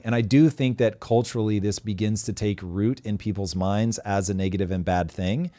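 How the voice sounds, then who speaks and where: Low-voiced blunt male host. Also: dry recording. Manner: blunt, animated, swears freely. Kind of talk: casual live show chat.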